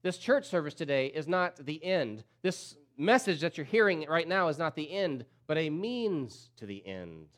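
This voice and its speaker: A man's voice: very animated, moderate pace, few pauses. Emphatic male pastor preaching. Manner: swings from loud emphatic peaks to low quiet drops; repeats key phrases for emphasis. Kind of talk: sermon.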